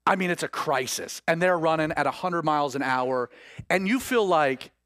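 A man preaching a sermon in an animated way, acting out the voices he quotes. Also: a little high, normal speed, no room sound, clean studio sound.

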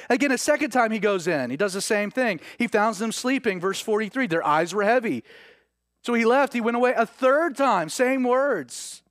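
A man's voice: high voice, lively intonation, normal speed, a bit bright, no echo, studio quality. A man preaching a sermon, retelling scripture as a story and acting out the quoted speech with many restarts. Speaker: pastor.

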